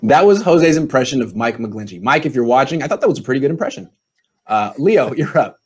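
A man hosting a casual sports talk panel, measured with a dry sense of humor. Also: mid-range voice, sing-song, husky. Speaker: host.

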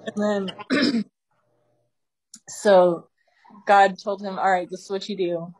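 A woman teaching a small group in a casual storytelling way, animated and laughing often as she talks. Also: mid-range voice, slow, poor audio. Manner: animated, laughing often while telling stories.

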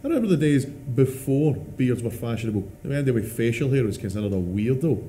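Dark-voiced deadpan man. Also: medium pitch, fairly quick, slight background noise. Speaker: bearded interviewee. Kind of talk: deadpan documentary interview.

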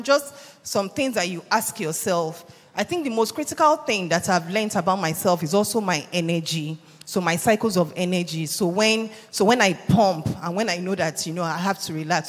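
A middle-aged woman with a Nigerian accent, giving a motivational conference talk and acting out the people in her stories. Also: fairly low pitch. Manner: animated storytelling, acts out quoted voices. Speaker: conference speaker. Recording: reverberant hall.

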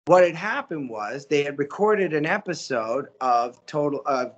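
Man, animated storyteller, voice actor, slightly higher pitch. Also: measured pace, lo-fi sound. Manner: animated, slips into character voices. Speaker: voice actor guest. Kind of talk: casual storytelling interview.

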